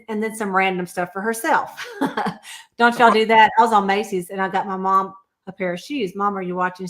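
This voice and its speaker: A woman's voice: mid-range voice, fairly bright tone. A woman chatting casually on a video call, telling customer stories and laughing often. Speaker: sales consultant. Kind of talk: casual livestream chat.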